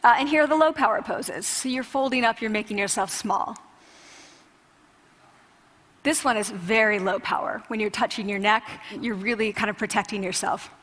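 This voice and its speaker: Animated woman lecturing in a reverberant hall. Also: on the high side, normal speed. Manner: animated, conversational with restarts and asides. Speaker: researcher giving a talk. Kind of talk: public talk to an audience.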